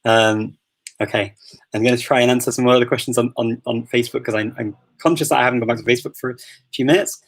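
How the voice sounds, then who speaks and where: Gravelly Scouse man hosting a live Q&A. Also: medium pitch, fairly even intonation, fast, poor audio. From Liverpool, England. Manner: chatty, laughs often, many ums and restarts. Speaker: host of a live Q&A. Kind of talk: casual live Q&A chat.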